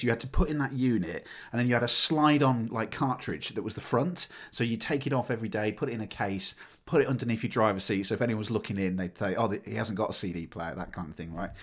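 A man on a podcast telling a story with lots of energy, laughing and swearing as he gets excited. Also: medium pitch. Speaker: podcast co-host. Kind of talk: casual storytelling chat.

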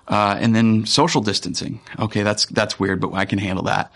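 A man, a pastor, giving a conversational and earnest sermon with frequent pauses and fillers. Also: fairly low pitch, little pitch movement, fairly bright tone.

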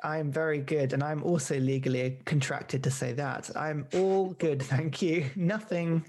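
A man's voice: fairly high pitch, steady tone, a little slow, darkish tone. A man co-hosting a podcast, joking wryly and laughing often in casual chat. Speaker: podcast co-host.

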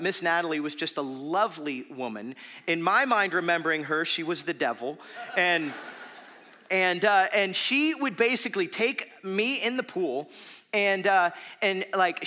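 A man in his thirties preaching a sermon in a church, telling a story with lively fillers and turning softer and earnest. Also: high-pitched. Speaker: pastor.

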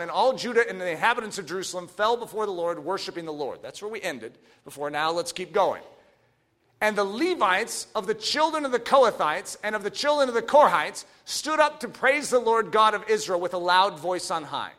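A man preaching a sermon, animated and swinging from hushed asides to shouts. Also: high-pitched. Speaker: pastor.

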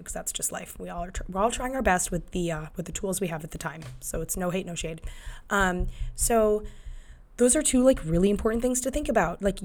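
A woman in her thirties talking casually about parenting as a podcast host, full of fillers and restarts. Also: on the low side. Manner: conversational, many fillers and restarts, acts out quotes. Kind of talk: casual advice monologue.

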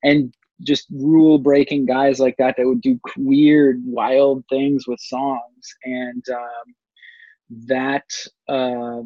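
A man's voice: mid-range voice, level tone, slow, dry recording. A musician from Canada talking in a casual radio interview, rambling and filling his sentences with "like". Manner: rambling, heavy use of "like" fillers. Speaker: musician guest. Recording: dull lo-fi sound.

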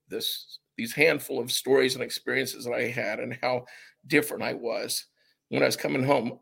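A man's voice: medium pitch, a bit bright. A man speaking as an interview guest, recalling personal experiences in an earnest, reflective way. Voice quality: gravelly, husky. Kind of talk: conversational interview.

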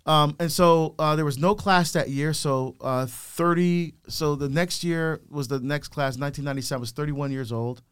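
This middle-aged deacon has a fairly high, clear, resonant voice and speaks at normal speed with hardly any pauses. As a guest speaker he tells his life story in a lively way, acting out quoted voices.

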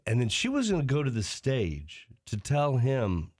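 A man in casual conversation who recounts events and reenacts his own lines. His pitch swings widely as he talks. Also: huge pitch swings, a little slow, a little mellow, no echo, studio quality. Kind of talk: casual chat.

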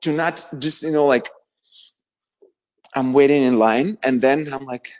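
A man's voice: a little high, moderate pace, long pauses. A young man from Russia with a Russian accent, telling stories as an interview guest and acting out quoted voices. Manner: animated, acts out quoted voices, laughs often. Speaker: guest, musician. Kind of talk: casual storytelling.

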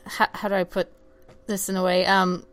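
Smooth-voiced woman co-host, dry sound. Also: lowish voice, normal speed, no room sound. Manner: animated, joking, self-mocking. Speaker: podcast co-host. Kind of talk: casual chat.

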